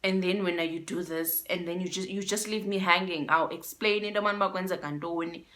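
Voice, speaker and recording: A young South African woman with a South African accent telling a storytime vlog, animated and switching between English and isiXhosa phrases. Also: fairly low pitch, a little fast. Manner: animated, mixes in isiXhosa phrases, addresses viewers as guys. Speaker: YouTuber.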